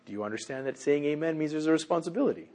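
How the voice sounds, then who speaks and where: A man preaching a sermon as pastor, swinging from loud emphatic bursts to hushed, low passages. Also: expressive, rapid-fire.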